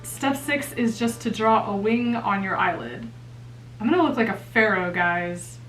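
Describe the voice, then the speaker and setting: A woman's voice: medium pitch, unhurried, a bit bright, soft background music. A young woman doing her makeup on camera, chatting in a playful, self-mocking way. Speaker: makeup vlogger. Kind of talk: casual chat. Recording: roomy echo, mic at a distance.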